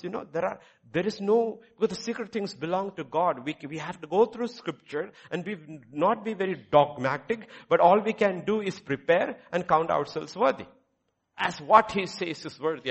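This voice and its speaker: Guy preaching sunday sermon, pitch all over the place, keeps throwing questions at the crowd. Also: creaky, breathy edge. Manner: preaching with rising emphasis and rhetorical questions. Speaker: pastor.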